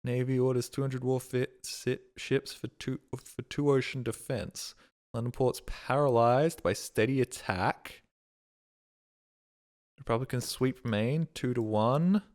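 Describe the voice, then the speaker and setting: A man's voice: mid-range voice, fairly even intonation, a little slow, darkish tone. A male streamer giving casual gaming commentary, thinking aloud, swearing freely and bragging.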